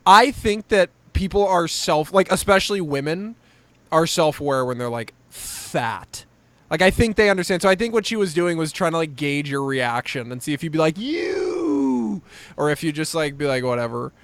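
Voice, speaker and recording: A young man co-hosting a comedy podcast, excitable and crude, peppering his talk with "dude". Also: on the high side, brisk, no echo. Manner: excitable, swears a lot, says "dude" often. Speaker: podcast co-host. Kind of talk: casual comedic banter.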